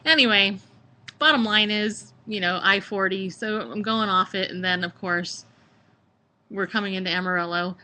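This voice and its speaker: A woman's voice: mid-range voice, moderate pace, pushed and bright. A woman from California, rambling casually about a road trip as a podcast host, with lots of fillers and laughter. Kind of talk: casual travel chat.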